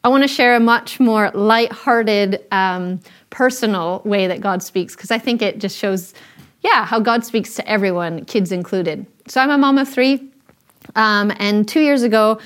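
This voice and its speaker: A woman's voice: medium pitch, fairly bright tone. A woman in her thirties giving an earnest, conversational Christian talk, telling stories with frequent ums and restarts. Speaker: speaker sharing a Christian talk. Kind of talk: informal sermon talk with stories.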